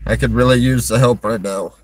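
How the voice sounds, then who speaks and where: Sitting in a parked car in a store lot, a man addresses his livestream audience with emotion, his speech strained and halting, broken by sighs and restarted sentences. His voice is medium-pitched and steady in tone.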